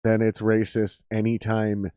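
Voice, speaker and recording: A man's voice: lowish voice, completely flat delivery, unhurried, warm tone, smooth, no echo, clean studio sound. A man hosting a casual podcast chat, blunt and joking, swearing freely. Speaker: podcast host.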